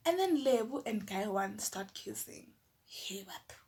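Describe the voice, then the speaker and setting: A young woman from South Africa with a South African accent, telling a personal story in a lively, chatty way full of filler words. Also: medium pitch, unhurried. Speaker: YouTuber. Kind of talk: casual storytelling.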